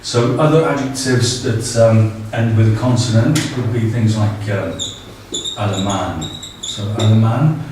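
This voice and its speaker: Male tutor, slightly low voice, halting delivery; distant, roomy recording with faint hiss. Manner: hesitant, many ums and uhs. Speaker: language teacher. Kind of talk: casual spoken tutorial. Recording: very echoey, distant, faint background noise.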